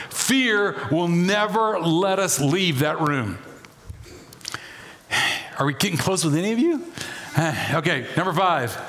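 A middle-aged man preaching a sermon as pastor, folksy and animated, with playful asides and humor. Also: fairly high pitch.

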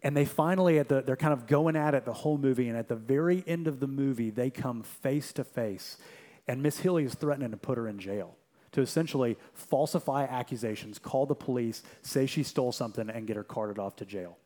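A young adult man preaching a sermon as a pastor, moving between lively, quick storytelling and quiet, slow, emphatic passages. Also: mid-range voice.

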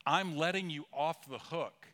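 Bright-voiced male pastor preaching. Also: on the high side, a little slow. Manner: conversational, emphatic, with asides and humor. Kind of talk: sermon.

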